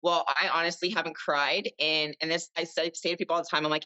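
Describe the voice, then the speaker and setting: Low-voiced chatty woman, muffled sound. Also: a little fast, few pauses, pushed and bright. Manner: chatty, rambling with many fillers. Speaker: podcast guest. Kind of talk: casual chat.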